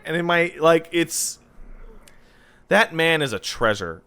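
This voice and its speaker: A man co-hosting a podcast, chatting casually in an animated, joking way with plenty of swearing. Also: fairly high pitch, slow pace, smooth. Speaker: podcast co-host.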